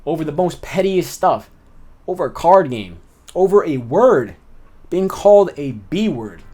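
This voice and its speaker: A man casually telling stories from his time in prison, using street slang and animated retelling. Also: mid-range voice. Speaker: former inmate telling stories. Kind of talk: casual storytelling.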